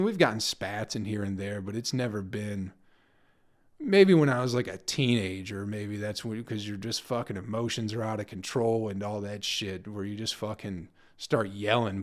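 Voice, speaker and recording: Hosting his own podcast, a young adult comedian with a voice on the low side swears freely, rambles in a casual way and cracks himself up over his own stories.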